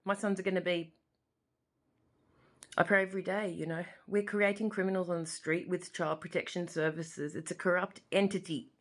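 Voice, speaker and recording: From her living room, an Australian vlogger in her forties speaks to camera in a fairly low voice, fairly even in intonation and at normal speed. It's an emotional personal monologue, impassioned and rambling, and it often doubles back on itself.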